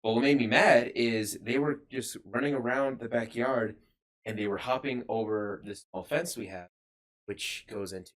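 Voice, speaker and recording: A young man co-hosting a casual podcast, telling stories from work in a blunt, relaxed way. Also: mid-range voice, normal speed. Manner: relaxed storyteller, blunt and swearing. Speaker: podcast co-host. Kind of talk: casual chat.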